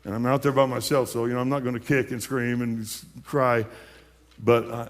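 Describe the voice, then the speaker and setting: A pastor in his late fifties tells his own story from the pulpit in a folksy, rambling way, doubling back on his words as he goes. His voice sits at an ordinary middle pitch for a man. The sound carries a long reverb from a church sanctuary. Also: quick pace, creaky. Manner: folksy storytelling with many restarts. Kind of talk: sermon testimony.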